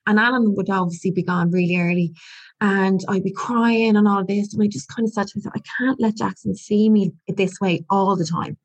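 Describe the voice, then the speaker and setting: A woman's voice: mid-range voice, fairly even intonation, a little fast, slightly rough. A woman in her forties, a podcast guest, talking in an earnest, reflective way with frequent restarts. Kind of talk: candid conversational interview.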